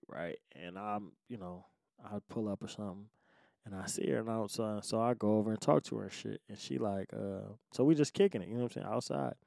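A man hosting his own show, telling a story from his life in casual, profane street slang and swinging from low muttering to loud outbursts. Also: vocal fry, no echo, clean studio sound. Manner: profane street slang, acts out quoted voices.

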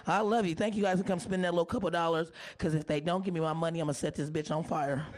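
A woman comedian doing a live stand-up set with a hoarse voice. She is brash and profane and teases the audience. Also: fairly low pitch, fairly even intonation, fast, darkish tone.

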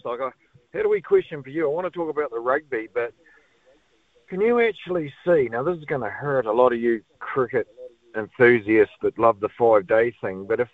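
A man with a New Zealand accent calling in to a sports radio show. He talks in a rambling, slangy, excitable way. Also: medium pitch. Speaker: caller. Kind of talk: phone-in chat. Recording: tinny phone line.

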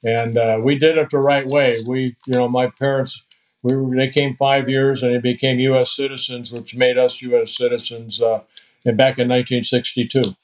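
An older man from the Netherlands, a guest in a podcast interview, telling chatty, lively anecdotes and chuckling between them. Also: mid-range voice, normal speed, low-quality recording. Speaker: guest, retired pitcher.

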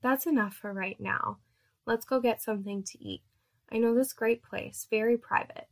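A woman's voice: fairly high pitch, moderate pace, close to an everyday voice. A woman voicing a commanding, dominant woman who gives orders in a story reading. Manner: bossy, giving orders.

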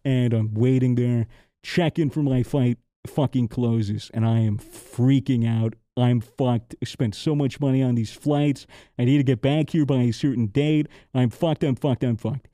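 Profane storytelling man, very dark voice. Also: medium pitch, unhurried, no room sound, studio quality. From United States. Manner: profane, animated retelling, acting out exchanges. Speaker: podcast host. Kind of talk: casual storytelling chat.

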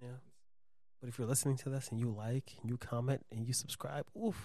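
A man hosting a podcast, playful and crude, cracking quick jokes in casual banter. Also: medium pitch, steady tone, warm tone, dry recording. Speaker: podcast host.

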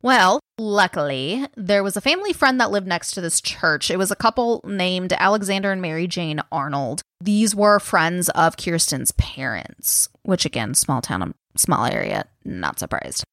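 A woman's voice: lowish voice, sing-song, a little slow, few pauses, a bit bright, dry recording. Chatty woman recounting a true-crime case, dry sound. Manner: chatty, filler-heavy, swears freely. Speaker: podcast co-host. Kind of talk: casual true-crime storytelling.

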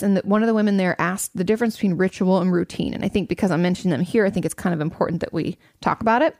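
A woman's voice: fairly low pitch, gravelly, a little mellow, no room sound, clean studio sound. A woman hosting an advice show as a therapist, answering audience questions in a casual, blunt and candid way, swearing freely.

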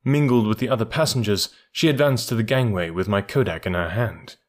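Male audiobook narrator, measured. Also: on the low side. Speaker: audiobook reader. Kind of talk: scripted first-person narration.

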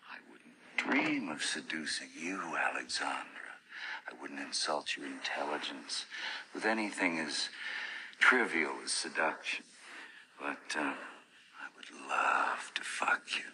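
A smug devilish seducer. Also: male voice, a bass voice, lively intonation, a little slow, bright, forceful tone, slight background noise, exaggerated voice. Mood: suggestive. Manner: sly, insinuating, drops to a whisper. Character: lecherous devilish man, smug and suggestive.

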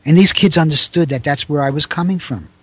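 An older man in his seventies tells a story from his teaching years with animated energy, raising his voice to play the people he quotes. His voice sits a bit high for a man, and the sound is dry and close. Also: a little fast, husky, no room sound. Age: 70s. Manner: animated, raises pitch to act out quoted people. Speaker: guest, former teacher. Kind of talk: storytelling in a conversation.

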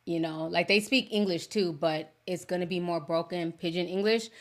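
A woman whose first language is Yoruba, hosting a livestream podcast in casual chat and reading viewer messages, talking in a chatty, animated way with frequent laughs. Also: lowish voice, moderate pace. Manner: chatty and animated, laughs often, slangy asides.

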